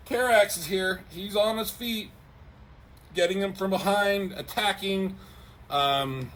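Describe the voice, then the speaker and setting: A man's voice: high voice, a bit bright, slight background noise. A man casually retelling a comic as a reviewer, rambling, with lots of fillers and frequent swearing.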